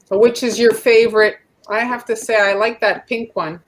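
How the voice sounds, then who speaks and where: A woman's voice: on the high side, fairly even intonation, normal speed. A woman co-hosting a casual livestream, asking questions and rambling a bit. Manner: asks questions, rambling fillers. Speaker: livestream co-host.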